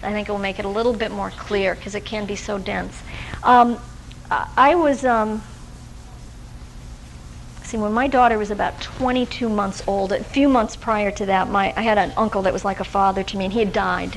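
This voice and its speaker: A woman addresses social workers at a recorded workshop before a live audience in a lecture room, speaking briskly with vocal fry and fairly even intonation at medium pitch. Her talk is conversational, with fillers, restarts and personal anecdotes, over a rough recording with a little hiss or hum.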